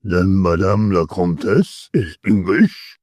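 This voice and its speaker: A man voicing a huge, bold old Dutchman who speaks slowly, with a strong guttural accent. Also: low-pitched, lively intonation, darkish tone, slightly rough, dry recording, studio quality, voice pushed down, heavily acted. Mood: probing. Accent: strong guttural foreign accent.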